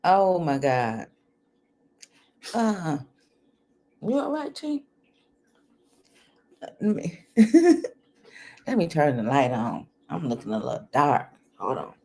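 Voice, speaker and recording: An older woman speaking in chats with viewers over her computer mic. Her delivery is unhurried, and her pitch swings widely as she greets people and laughs. She sometimes drops her voice to keep things quiet at home. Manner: chatty, animated, laughs often; talks softly at times. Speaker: livestream host. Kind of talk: casual chat with viewers. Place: home, indoors. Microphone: computer microphone.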